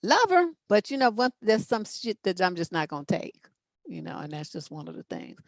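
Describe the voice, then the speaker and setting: A woman's voice: on the low side, sing-song, normal speed, vocal fry, no echo. A middle-aged woman hosting a relationship advice show, giving blunt, profane, emphatic answers in unscripted chat.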